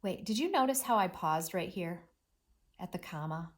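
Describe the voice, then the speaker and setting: A woman's voice: on the low side, expressive, normal speed. A woman teacher giving a read-aloud reading lesson, talking expressively to children.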